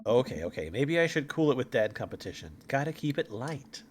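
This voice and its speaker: A man's voice: medium pitch, big pitch swings, fairly quick, faint music behind. A man casually playing through a game on stream, playful and joking, laughing often.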